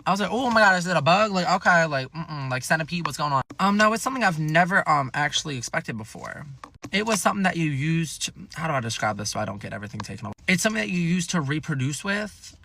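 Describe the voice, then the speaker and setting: A man's voice: a little high, animated, fast talker, vocal fry, bright, forceful tone, slight background noise. A man telling a storytime in a chatty, sassy way, swearing and exaggerating for fun. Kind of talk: casual storytime.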